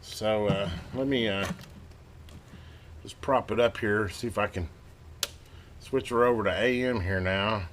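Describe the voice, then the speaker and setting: A man hosting a radio repair video, chatting casually and excitedly to viewers as he tests and works at his home workbench. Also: on the low side, measured pace, long pauses, slight background noise. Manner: excited, rambling, talks to viewers while working. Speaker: radio repair channel host. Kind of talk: casual hands-on workbench narration.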